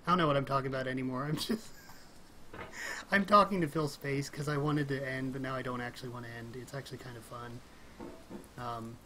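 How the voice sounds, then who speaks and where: Over the constant hiss of a home desk mic, a let's play gamer with a typical middle-pitched voice chats his way through an aggravating climbing game. He rambles, muses aloud, and often breaks into quick laughs and sudden outbursts.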